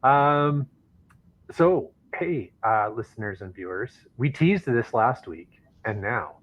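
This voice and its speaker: Male podcast co-host, mid pitch, playful banter with mock-hype reads, slightly muffled audio. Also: animated, slow. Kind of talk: casual podcast chat.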